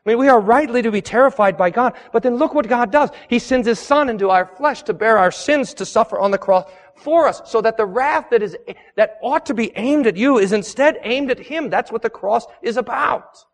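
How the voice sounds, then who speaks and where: A male pastor preaching a sermon in a church, earnest and emphatic, swinging between strong declarations and soft, quiet lines. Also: very high voice, fairly quick, big-room sound. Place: church sanctuary.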